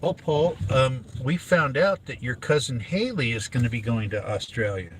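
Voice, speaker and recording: A middle-aged man from inland California talks casually from the driver's seat, wandering from thought to thought with plenty of ums and uhs. His voice sits at an ordinary pitch, with a faint hum of road noise underneath. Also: expressive, moderate pace. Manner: rambling, chatty, with many fillers. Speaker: father, vlog host. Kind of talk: casual chat while driving. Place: inside a car on a drive.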